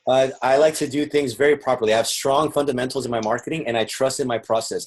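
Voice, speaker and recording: A man teaching marketing sales on a video call, earnest and explaining step by step. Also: mid-range voice. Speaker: marketing instructor. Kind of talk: teaching sales with role-play.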